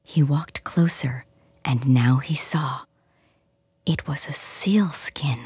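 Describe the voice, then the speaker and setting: Hushed, breathy woman storyteller. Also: low-pitched, takes it slowly, dry recording. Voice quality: soft, breathy, near-whispered delivery. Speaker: audiobook reader. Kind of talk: storybook narration.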